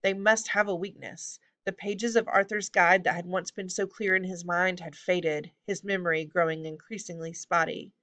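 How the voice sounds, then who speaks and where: A woman narrating a children's book aloud, steady storytelling with the odd slip. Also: lowish voice, normal speed, few pauses. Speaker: reader.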